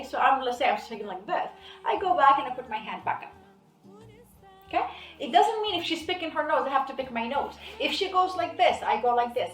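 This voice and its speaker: Animated woman therapist teaching, roomy echo. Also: high voice, far from the mic. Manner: animated, acts out client dialogue, repeats key phrases. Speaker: hypnotherapist teaching a technique. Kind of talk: informal video lesson. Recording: roomy echo, off-mic, faint music.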